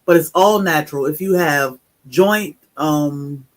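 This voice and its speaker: A woman guest on a casual live stream, speaking earnestly about her product and pausing often with fillers. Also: low voice. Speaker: guest, natural product maker.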